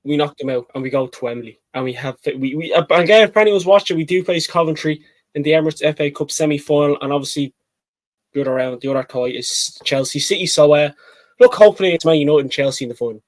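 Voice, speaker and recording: Excitable higher-voiced football fan man. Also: fast, dry recording, rough recording. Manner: excitable, rambling, says "mate" often. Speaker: football podcast co-host. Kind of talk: casual match-reaction chat.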